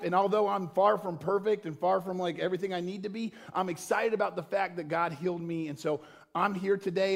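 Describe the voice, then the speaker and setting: Gravelly, impassioned male pastor preaching. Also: high-pitched. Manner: impassioned, building to loud emphatic peaks. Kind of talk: sermon. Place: church auditorium.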